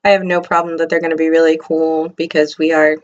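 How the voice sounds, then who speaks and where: Middle-aged woman, casual video diary, rambling and digressive; lowish voice, muffled lo-fi recording. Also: little pitch movement, fast talker. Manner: chatty, rambling, digressive asides. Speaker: vlogger, teacher in training. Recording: slightly muffled lo-fi audio.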